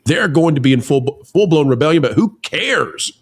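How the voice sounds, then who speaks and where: A man hosting a casual news commentary show, talking in an animated, teasing way and exclaiming often. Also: on the high side, moderate pace, creaky, slightly rough. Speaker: show host. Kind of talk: casual political commentary chat.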